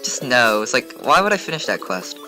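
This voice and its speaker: A man's voice: mid-range voice, big pitch swings, brisk, sharp tone, soft background music. A man casually commentating over his gameplay video, rambling and full of fillers. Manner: rambling, filler-heavy, chatty. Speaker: gaming channel host.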